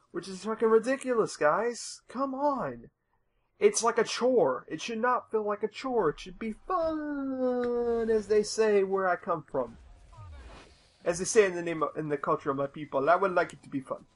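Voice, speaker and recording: A young American man rambles through casual gameplay commentary, swearing plenty and getting exasperated easily. His voice is on the high side and a bit bright, and the recording is rough.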